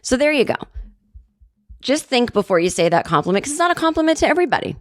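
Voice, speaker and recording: A middle-aged woman hosting a solo comedy podcast, ranting and telling stories with sarcastic, animated asides. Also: high-pitched, fast talker, dry recording, studio quality. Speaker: podcast host.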